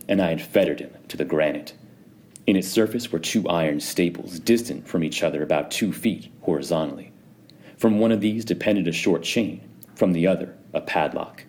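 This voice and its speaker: Deep, dark-toned male storyteller. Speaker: narrator. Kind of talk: dramatic audiobook reading.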